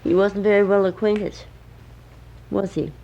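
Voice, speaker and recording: A woman's voice: mid-range voice, steady tone, a little slow, gravelly, warm tone, dull audio. An older woman, a grandmother, telling a homemade bedtime story at home with chatty asides to the listening child.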